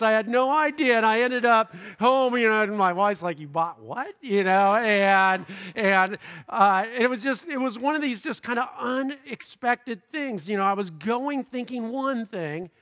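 A middle-aged man from Southern California, a pastor who preaches by telling a lively personal story and chuckles at his own jokes. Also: very high-pitched.

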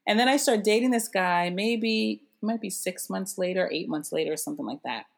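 A middle-aged woman telling her story in a casual interview, animated and laughing often as she acts out what others said. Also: medium pitch, fairly quick, vocal fry. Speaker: interview guest.

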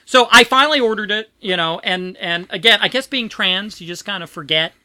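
Woman, casual podcast chat, piercingly bright tone, dry close sound, chatty and self-interrupting. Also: mid-range voice, a little fast, dry recording. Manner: rambling, chatty storytelling with frequent laughs.

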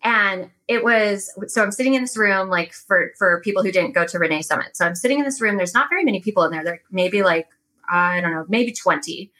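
A woman talking as a podcast guest in casual chat, telling stories in an animated way with many fillers. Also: medium pitch, fairly quick, low-quality recording.

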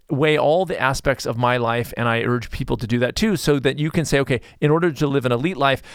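A man's voice: medium pitch, clean tone, no room sound, studio quality. Rambling man hosting a solo podcast. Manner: rambling, with many restarts and asides. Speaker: podcast host. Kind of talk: casual solo monologue.

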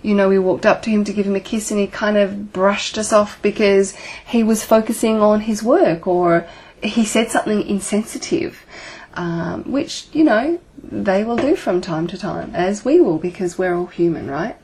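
A woman's voice: medium pitch, normal speed, a little mellow, slightly rough. A woman relationship coach talking to her listeners, asking earnest rhetorical questions and swearing now and then.

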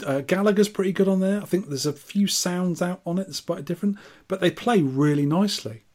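A man's voice: fairly high pitch, darkish tone. A man co-hosting a podcast, chatting playfully and teasing his friend. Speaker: podcast co-host. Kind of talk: casual chat.

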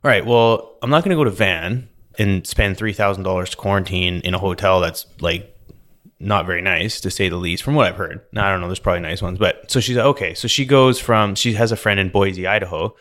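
Man, podcast co-host, casual storytelling, filler-heavy, fairly low voice. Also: a little fast. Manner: animated, filler-heavy retelling with many "like"s.

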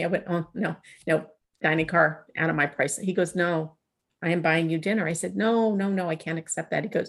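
A middle-aged woman telling a personal story in a conversational interview, lively and acting out the dialogue she quotes. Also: on the low side, fairly quick, gravelly, husky. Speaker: guest.

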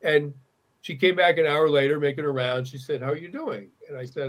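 A man's voice: a little high, a little fast. A middle-aged man telling a personal story in conversation, earnest and often restarting his sentences. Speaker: guest.

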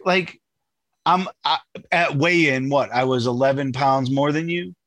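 A man's voice: mid-range voice, unhurried, no echo. A man hosting a casual podcast, swearing and poking fun at himself, stumbling over his words when worked up. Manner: animated, self-deprecating, swears, stammers when worked up. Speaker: podcast host. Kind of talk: casual banter.

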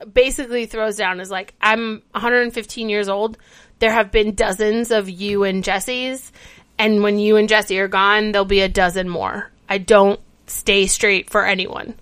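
A woman co-hosting a casual chat, retelling a TV episode with lively storytelling and acted-out quotes. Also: medium pitch. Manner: animated storytelling, acts out character quotes. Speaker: podcast co-host.

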